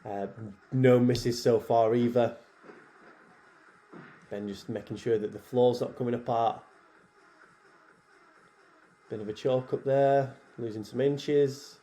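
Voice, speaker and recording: A man, head programmer and athlete, talking casually over his own workout footage in a relaxed, chatty way with many fillers. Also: mid-range voice, slow, long pauses, soft background music.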